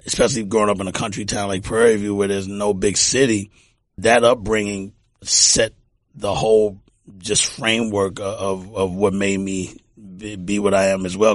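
Middle-aged Texas-raised producer, low-pitched, loose storyteller who circles back on his words, dry studio mic. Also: no echo. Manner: rambling, repeats words, warm anecdotal. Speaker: music producer, guest. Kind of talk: casual storytelling interview.

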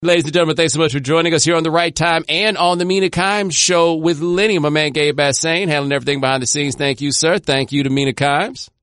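A man co-hosting a podcast in casual sports chat, animated and joking with slangy talk. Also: a little high, quick pace, hardly any pauses, no room sound, clean studio sound. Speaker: podcast co-host.

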